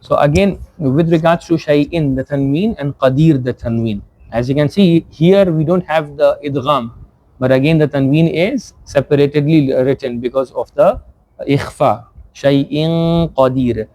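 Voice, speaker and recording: A man teaching recitation rules, patiently explaining pronunciation and gently correcting the reciters. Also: on the high side, moderate pace, no room sound. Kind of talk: tajweed lesson with corrections. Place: community centre prayer hall.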